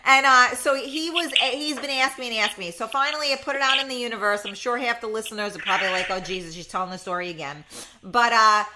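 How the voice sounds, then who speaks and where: Woman radio host, casual chat, fillers, fairly high pitch, noisy background. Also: quick pace, hardly any pauses. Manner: chatty, lots of fillers and restarts. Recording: clear background noise.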